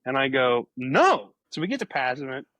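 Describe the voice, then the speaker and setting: Young man telling paramedic stories deadpan. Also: mid-range voice, quick pace, no room sound, poor audio. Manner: deadpan, acts out quoted people. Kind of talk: casual storytelling chat.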